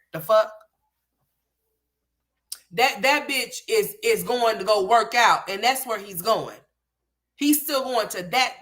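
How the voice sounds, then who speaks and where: Sassy bright-voiced woman roasting a vlog. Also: on the high side. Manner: sassy, scolding, talks back at the screen. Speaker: commentary host reacting to a vlog. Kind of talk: profane reaction commentary.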